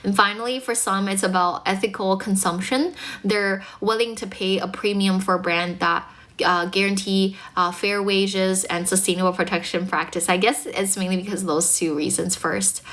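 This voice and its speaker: A woman's voice: mid-range voice, steady tone, moderate pace, a bit bright. A woman from China with a mostly American accent, a chatty English speaking teacher who greets viewers and laughs easily on a live stream.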